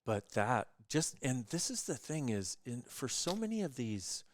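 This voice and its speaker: A man appearing as a guest, telling stories in an animated way and acting out other people's voices as he goes. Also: medium pitch, unhurried, no echo. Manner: acts out other people's voices in lively quoted dialogue. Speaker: guest speaker on consciousness. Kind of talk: animated storytelling in conversation.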